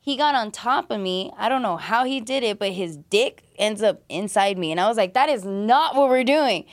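A woman's voice: medium pitch, normal speed. A young adult woman, a podcast guest, telling her own story candidly in blunt, profane, casual speech full of "like". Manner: blunt and profane, heavy use of "like".

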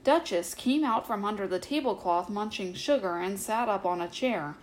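A woman reading a bedtime story aloud as narrator, calm and measured. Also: mid-range voice, a little hiss or hum, poor audio.

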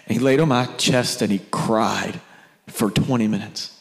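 A man's voice: on the low side, normal speed, vocal fry. A man preaching a sermon, telling a family story in a conversational way and speaking to the crowd directly.

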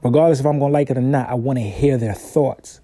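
Male podcast host with a mellow, warm tone, easygoing and slangy, casual monologue. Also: mid-range voice, fairly even intonation, fast, dry recording, clean studio sound. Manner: laid-back, slangy, conversational.

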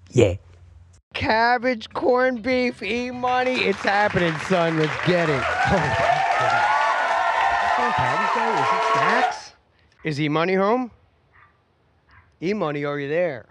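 A man's voice: a little high, lively intonation, slow, long pauses, a crowd in the background, background noise. A man hosting a podcast in casual chat at home, rowdy and joking, swearing and laughing a lot. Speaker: podcast host.

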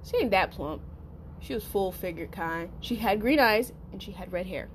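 A woman hosting a podcast, telling a personal story in a casual, profane, animated way and talking straight to her listeners. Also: mid-range voice, moderate pace, a little hiss or hum. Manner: profane, animated, acts out quotes; addresses listeners as y'all. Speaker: podcast host.

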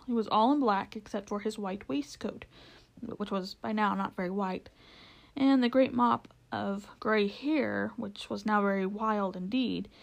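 A woman's voice: mid-range voice, creaky. Woman reading a children's story aloud. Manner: steady storytelling with occasional stumbles and restarts. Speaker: narrator.

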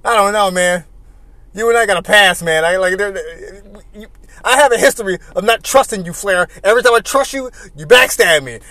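A man's voice: high voice, fairly quick, bright, forceful tone, no echo. A man putting on the voice of a wary male wrestler hero who hesitates and then warns firmly. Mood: hesitant. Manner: hesitant, then firm warning.

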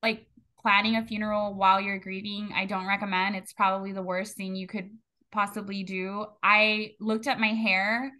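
A woman hosting a podcast, grieving and talking candidly in a casual, animated way, swearing freely. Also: mid-range voice. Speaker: podcast host. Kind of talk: casual conversational storytelling.

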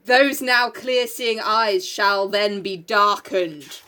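A woman's voice: mid-range voice, takes it slowly, a little hiss or hum. Woman as a weary old blind seer, grudging and terse. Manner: reluctant, flat and grudging.

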